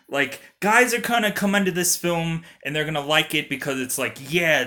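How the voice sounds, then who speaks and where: A man's voice: fairly high pitch, pushed and bright. A young man giving casual gaming commentary, rambling and giggling, full of filler words. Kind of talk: casual let's-play commentary.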